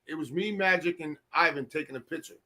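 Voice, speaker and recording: A middle-aged man hosting a podcast, telling stories in a lively, animated way and swearing freely. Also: a little high, brisk. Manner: animated storyteller, acts out quotes with profanity. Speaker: podcast host. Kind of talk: casual storytelling chat.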